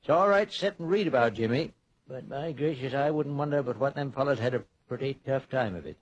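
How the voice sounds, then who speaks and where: A man's voice: medium pitch, animated, a little fast, breathy edge. A man playing a folksy older small-town man in a 1940s radio drama, with an easygoing drawl. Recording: dull old radio transcription.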